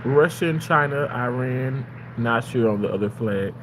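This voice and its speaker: A man streaming live and reading his chat aloud, excitable, yelling at and pleading with chatters. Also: mid-range voice, moderate pace, noisy background.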